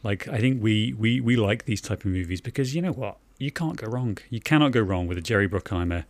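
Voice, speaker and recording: Guy cohosting a movie podcast, kinda low voice, jokey and teasing, laughs a lot. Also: lively intonation, brisk, no room sound. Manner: playful, teasing, laughs often. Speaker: podcast co-host. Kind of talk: casual chat.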